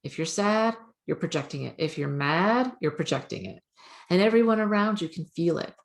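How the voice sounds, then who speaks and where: A woman's voice: on the low side, animated, normal speed, vocal fry. A woman hosting a spiritual podcast, talking casually and encouragingly about oracle cards, with lots of fillers. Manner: chatty, encouraging, many fillers.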